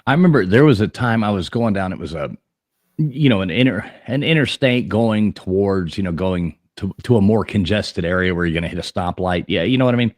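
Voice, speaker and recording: A man with a lowish voice spins a rambling, profane road story in a relaxed podcast chat, chuckling along the way. The sound is dry and close, with no room around it. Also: brisk, no echo.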